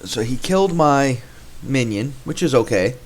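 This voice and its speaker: Male gameplay host, mid-pitched, relaxed think-aloud commentary with restarts. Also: normal speed.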